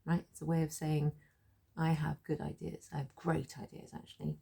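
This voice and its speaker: Woman teaching french, low husky voice, repeats phrases and laughs at herself. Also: completely flat delivery, normal speed, warm tone. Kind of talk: relaxed spoken lesson.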